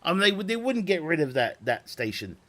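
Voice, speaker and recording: A man rambles through casual live-stream chat, swearing freely and laughing often. His voice sits fairly high and sounds sharp and bright. He talks with viewers as he streams. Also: very animated, a little fast.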